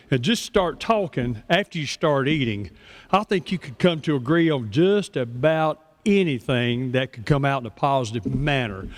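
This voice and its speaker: A man, a master of ceremonies speaking in a genial, joking, easygoing way at a banquet. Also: on the high side. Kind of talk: banquet emcee speech. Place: banquet hall.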